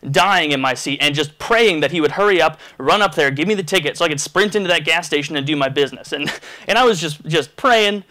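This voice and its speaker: Guy vlogging a crude story super fast, bright punchy voice, rambly. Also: fairly high pitch. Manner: animated, rambling, crude humor. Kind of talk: casual storytelling vlog.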